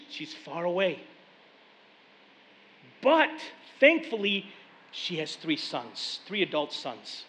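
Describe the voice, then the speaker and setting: A man's voice: high-pitched, slow pace, long pauses. Man preaching in an echoing hall. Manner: animated storytelling, paraphrasing scripture in casual speech. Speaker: pastor. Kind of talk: sermon. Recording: long reverb of a large hall.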